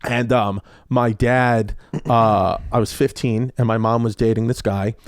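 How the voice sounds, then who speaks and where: A man in his thirties, a comedian guest on a podcast, telling stories in a casual, animated and profane way. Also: medium pitch, a little slow, dry recording, clean studio sound. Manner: animated, profane, loose with fillers. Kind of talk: casual storytelling.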